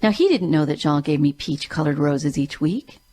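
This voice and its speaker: A woman's voice: low-pitched, expressive, normal speed, dark tone. Earnest woman host telling a personal story. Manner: earnest, emphatic. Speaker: show host and grief coach.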